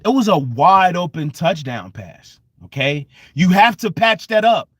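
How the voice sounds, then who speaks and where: A man venting on a live sports fan stream, exasperated and repeating himself, jumping from loud outbursts to low mutters. His voice sits high, and he drags out his words at an unhurried pace. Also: very animated, breathy edge, no room sound, clean studio sound. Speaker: sports fan channel host.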